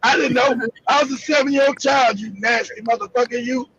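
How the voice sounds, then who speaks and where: Brief: male host, very high voice, loud profane shouting rants, muffled lo-fi sound. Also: steady tone, fairly quick, breathy edge. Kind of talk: heated live broadcast talk.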